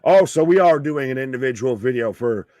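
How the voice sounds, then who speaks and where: A man hosting a live watch-along, giving casual wrestling commentary and getting loud and excited at surprises. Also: medium pitch, brisk, no echo. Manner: excitable, swears, pops loudly at surprises. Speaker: alternative commentary host.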